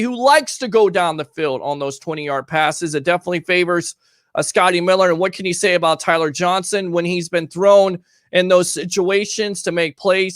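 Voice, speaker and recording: An energetic man hosting a live sports talk show, reading fan comments aloud with plenty of emphasis. His voice sits high for a man and comes across dry and close, with no room sound around it. He talks like a host keeping a call-in show rolling. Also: no echo.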